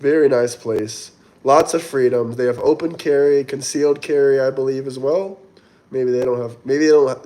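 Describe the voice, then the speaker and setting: A man's voice: medium pitch, dark tone. Chatty man reading livestream comments. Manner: chatty, rambling, reads viewer comments aloud. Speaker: livestream host reading chat. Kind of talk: casual livestream chat.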